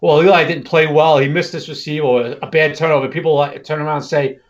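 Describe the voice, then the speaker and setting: A man's voice: fairly high pitch, steady tone, fast, muffled recording. A man co-hosting a sports podcast, talking frankly and casually with lots of "you know". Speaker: podcast co-host.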